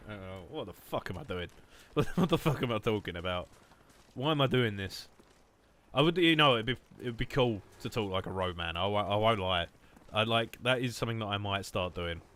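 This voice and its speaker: A man's voice: on the low side, lively intonation, moderate pace, fairly bright tone. A man with an Essex accent, rambling and swearing in a jokey way while streaming a shooter game. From England. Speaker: gaming streamer. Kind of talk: casual livestream commentary. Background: game gunfire.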